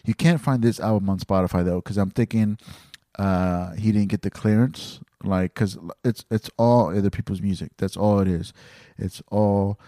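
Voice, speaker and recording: A man's voice: fairly low pitch, steady tone, normal speed, mellow, dry recording, studio quality. A man hosting a podcast alone, talking casually and rambling with many fillers, restarts and casual swearing. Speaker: podcast host. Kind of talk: casual monologue.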